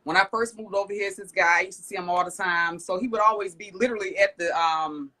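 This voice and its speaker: A woman guest who owns an urban farming business, chatting casually in a blunt, rambling, animated way. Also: medium pitch, quick pace. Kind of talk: casual chat.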